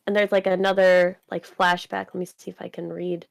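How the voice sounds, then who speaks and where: Smooth-voiced woman guest on a reaction. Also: lowish voice. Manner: lively, reads lines aloud with quick laughs. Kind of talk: casual live manga reaction.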